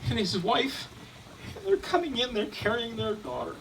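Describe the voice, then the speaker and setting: Man, first-person eyewitness storytelling, halting, bright voice, faint ambience. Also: extremely high pitch, sing-song, slight background noise. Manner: halting, with restarts and repeated words. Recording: distant mic, faint room ambience.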